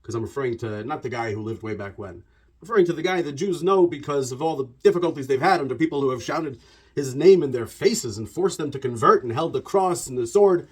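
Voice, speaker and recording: A religious commentator with a slightly husky, mid-pitched voice delivers a loose, conversational monologue at a quick pace. He drifts into tangents, piles up repeated words for emphasis, and stays animated and chatty throughout.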